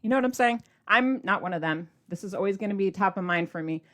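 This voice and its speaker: A middle-aged woman hosting a podcast, talking to her listeners in an energetic, animated, casual way. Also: medium pitch, fast. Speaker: podcast host. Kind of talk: casual motivational podcast monologue.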